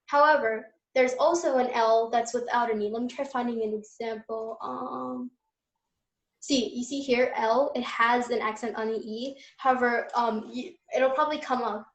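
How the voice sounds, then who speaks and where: A young woman runs an online Spanish lesson, walking students through each point with a patient, step-by-step manner and plenty of fillers. Her voice sits a little high, and the room around her rings with echo. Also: fairly even intonation, moderate pace. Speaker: Spanish tutor. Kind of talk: online class teaching.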